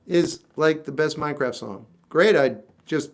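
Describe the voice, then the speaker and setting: A man's voice: fairly high pitch, a little slow. Blunt, wry man in his fifties. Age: 50s. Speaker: singer-songwriter livestreamer. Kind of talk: casual livestream chat answering comments. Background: guitar playing.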